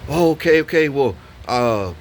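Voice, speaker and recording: A woman's voice: a bass voice, animated, normal speed, a little mellow, a little hiss or hum, pitched above the performer's own voice. A man voicing a flustered woman tenant who stammers and pleads while being evicted. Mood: flustered pleading.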